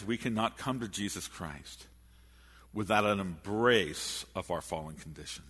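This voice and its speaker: A man preaching a sermon in an animated, storytelling way, often restarting his phrases. His lower voice is bright yet husky and swings lively in pitch. It rings out in a long, echoey church hall.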